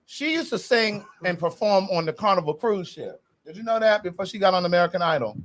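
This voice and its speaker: Man, host, high voice, very lively pitch, sassy, opinionated, casual chat. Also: fairly quick.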